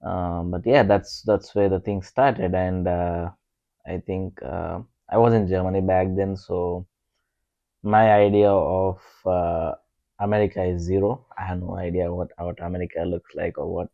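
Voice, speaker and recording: A young man with an Indian accent talks casually on a couples podcast, his low voice full of pauses and fillers. The sound is dry and a little dull, recorded close with no room around it. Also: little pitch movement, creaky, dry recording. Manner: hesitant, many fillers, self-deprecating. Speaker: podcast co-host. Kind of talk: casual conversation.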